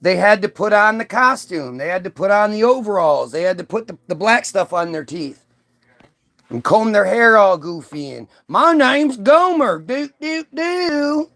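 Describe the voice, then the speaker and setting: Man, high voice, rambling rant, repeats words, swears often. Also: animated, normal speed, creaky, fairly bright tone. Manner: rambling, repetitive restarts, heavy swearing. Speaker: host. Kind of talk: profane rant monologue.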